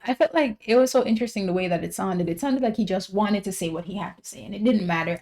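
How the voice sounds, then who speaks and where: A woman hosts a casual reaction video, musing her way through her thoughts in a chatty, meandering style. Her voice sits at a middling pitch with a noticeable gravelly fry running through it. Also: darkish tone. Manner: chatty, musing, full of "like" and "you know".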